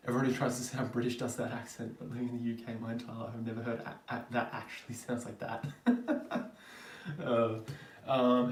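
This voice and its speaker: A man's voice: mid-range voice, reverberant, recorded from a distance, slight background noise. An Australian man hosting a casual live Q&A stream, reading viewer questions aloud and rambling through his answers with lots of ums. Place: home in Germany.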